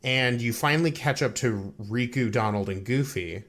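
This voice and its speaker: A young man co-hosting a podcast, recapping a video game in casual chat, rambling and halting with lots of fillers. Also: medium pitch, a bit bright. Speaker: podcast co-host.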